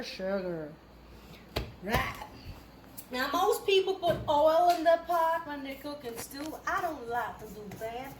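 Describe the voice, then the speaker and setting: A woman's voice: on the high side, noisy background. A Trinidadian woman giving a casual cooking demo in a home kitchen, jokey and chatty. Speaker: cooking vlogger. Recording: echoey room with faint ambience.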